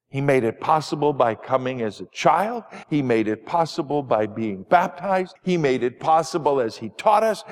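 A male pastor reading the gospel and then giving a gentle, playful children's sermon that swells into emphatic exclamations. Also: mid-range voice. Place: church sanctuary. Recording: long church reverb.

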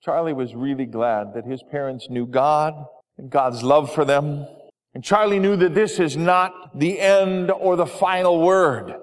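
A man preaching, telling a gentle story to his congregation, voice dropping quiet at tender moments. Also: fairly high pitch, measured pace. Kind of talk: sermon story narration. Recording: long hall reverb.

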